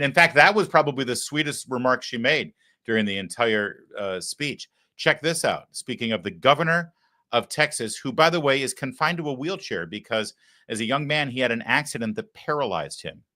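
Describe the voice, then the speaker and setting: A man hosting a live political talk show, mocking and sarcastic in a loose conversational way. His voice is bright and forward, at an ordinary middle pitch. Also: animated, normal speed.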